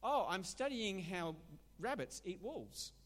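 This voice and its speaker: A sly little rabbit, put on by a man telling a joke, pushes his voice high and eager, coaxing his listener along. The pitch bounces all over the place. A long hall reverb trails each line. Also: sing-song, slow, full character voice. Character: cocky male rabbit doing a PhD, sly.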